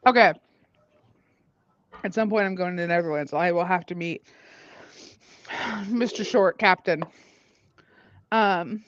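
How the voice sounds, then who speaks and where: Tipsy, foul-mouthed young woman from Maine; animated delivery on a dry, muffled stream mic. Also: medium pitch, dry recording. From Maine, USA. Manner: boisterous, swearing, laughing often. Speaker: guest co-streamer. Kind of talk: casual live-stream chat. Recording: dull lo-fi stream audio.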